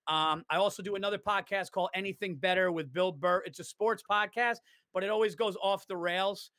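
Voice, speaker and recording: A man's voice: high voice, brisk, dry recording, studio quality. A man who is a stand-up comedian, chatting casually as a guest and acting out quotes as he tells stories. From New York. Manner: animated storyteller, swears freely, acts out quotes. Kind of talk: casual podcast chat.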